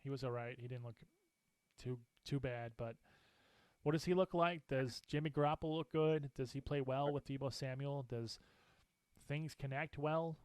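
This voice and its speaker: A man co-hosting a casual sports talk show, animated and opinionated, laughing often as he makes his picks. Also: mid-range voice, moderate pace, clear, resonant tone, no echo. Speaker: co-host.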